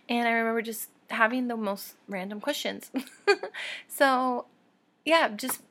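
A young adult woman hosting her own podcast, talking candidly and warmly to listeners with soft laughs and fillers. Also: fairly high pitch, a little slow. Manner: heartfelt and encouraging toward listeners. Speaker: podcast host. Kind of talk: casual solo podcast talk.

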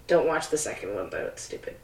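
A young woman in casual chat, cursing freely and getting excitable while retelling a movie plot. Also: sits low, fast, vocal fry, far from the mic. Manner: loose, profane, excitable. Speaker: co-host. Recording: echoey room, off-mic.

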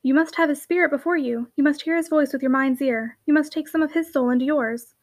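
Caroline is an earnest young woman who teases gently and speaks with feeling. A woman reads her in a fairly high, light voice. She sounds close to the narrator's own reading voice. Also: fast talker, lightly acted.

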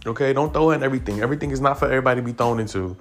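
A man giving casual celebrity gossip commentary, animated and profane, leaping up in pitch for emphasis. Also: racing, soft background music. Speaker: commentary vlogger.

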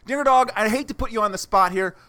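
Young man, podcast host, bright edgy tone, teasing, casual comedic banter. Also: sits high, fast, smooth. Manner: playful, teasing, jumps into silly voices.

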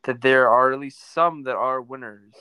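A man's voice: mid-range voice, moderate pace, bright, forceful tone, clear, resonant tone, dry recording. A man who acts on stage, chatting casually and teasing bluntly with a dry tone. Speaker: stage actor and podcast guest. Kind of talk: casual chat.

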